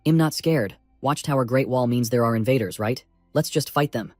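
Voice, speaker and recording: A brash young fighter, cocky and eager, as a man reads him out in a story recap. The voice sits at a middle pitch, recorded dry and close with soft music underneath. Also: brisk, dry recording, natural voice.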